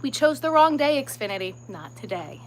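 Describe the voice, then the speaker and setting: A woman's voice: high-pitched, big pitch swings, moderate pace, slight background noise, rough recording. A woman hosting a crafting livestream, chatting casually and ranting in exasperation, sometimes muttering under her breath. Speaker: crochet livestream host.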